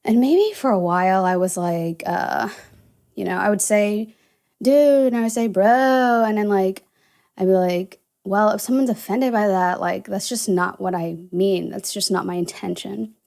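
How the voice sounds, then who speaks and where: A woman's voice: medium pitch, normal speed, vocal fry, a little mellow. A young woman from the American South, without a Southern accent, hosting a casual solo podcast and rambling with lots of "you know" and "uh". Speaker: podcast host.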